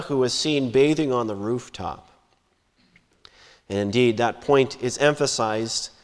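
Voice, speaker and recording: A man preaching a sermon in a measured, emphatic way, lifting and dropping his voice for stress. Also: mid-range voice. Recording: long hall reverb.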